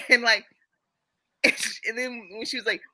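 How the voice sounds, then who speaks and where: A woman's voice: fairly high pitch, steady tone, normal speed, sharp tone, poor audio. A woman co-hosting a casual reality-TV recap podcast, rambling and breaking into laughter as she talks. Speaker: podcast co-host.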